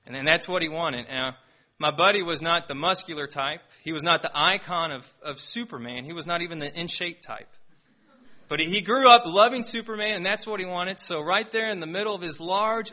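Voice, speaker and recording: A young man delivers a sermon, easing in with an animated, self-deprecating story. His voice sits high and rings very bright. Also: brisk. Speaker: pastor.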